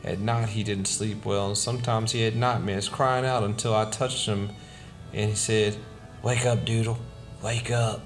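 A man reading a short story aloud in a soft, quiet, measured way. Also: lowish voice, flat delivery, faint music behind. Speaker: narrator.

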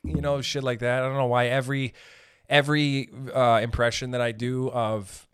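A man hosting a podcast, ranting in a rambling, profane, comedic way and slipping into quick character voices. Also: mid-range voice, flat delivery, fairly bright tone, clear, resonant tone, dry recording, clean studio sound. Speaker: podcast host. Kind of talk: casual comedic rant.

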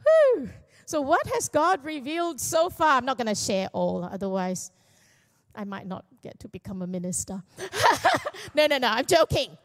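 A woman's voice: high voice, big pitch swings, moderate pace. Candid, joking middle-aged woman pastor. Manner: candid, self-deprecating and joking. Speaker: young adults pastor. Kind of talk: personal testimony sermon. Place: church.

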